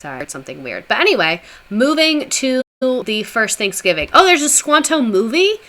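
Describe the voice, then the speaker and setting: Bright-voiced sarcastic woman streamer. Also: a little high, very animated, normal speed. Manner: sarcastic, chatty, swearing asides. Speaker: livestreamer. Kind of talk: casual history livestream chatting with viewers.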